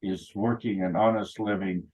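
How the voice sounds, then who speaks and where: A man's voice: on the low side, fairly even intonation, moderate pace, a little mellow, husky, low-quality recording. A man chatting casually, telling rambling anecdotes full of "you know" and acting out other people's lines. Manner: acts out quoted dialogue in funny voices. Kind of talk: casual chat.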